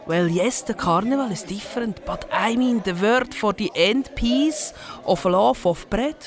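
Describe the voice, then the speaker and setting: Woman, Swiss German accent, comic monologue, mock-serious, lively shifts of tone. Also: medium pitch, unhurried, music in the background. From Switzerland. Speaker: comedian.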